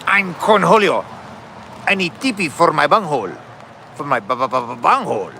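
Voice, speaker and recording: A man putting on a frantic cartoon teenage boy who stammers over his words. The voice is bright and a little high. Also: expressive, normal speed, vocal fry, a little hiss or hum, full character voice. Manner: stuttering, frantic. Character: manic teenage boy alter ego, stammering.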